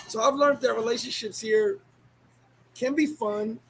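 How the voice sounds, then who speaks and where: A man's voice: very high-pitched, slow pace, slight background noise, rough recording. A middle-aged man vlogging from the Dominican Republic, chatting casually with his viewers, laughing and acting out what people say to him. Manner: animated, laughing, quoting people in voices. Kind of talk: casual livestream chat.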